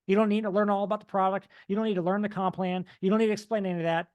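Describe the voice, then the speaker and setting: A man giving an energetic motivational talk, mimicking dull and excited voices to make his point. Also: high voice, very fast, clean tone. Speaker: motivational speaker.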